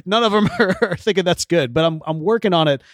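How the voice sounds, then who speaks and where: A man co-hosting a podcast in casual chat, chatty and quick to laugh. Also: high-pitched, dry recording, clean studio sound. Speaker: podcast co-host.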